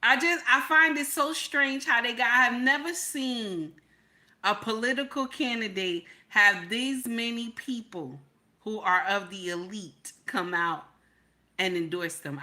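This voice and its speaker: A woman's voice: medium pitch, measured pace, bright, forceful tone. A woman giving casual reaction commentary, repeating herself with rhetorical questions and exclamations. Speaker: commentary vlogger.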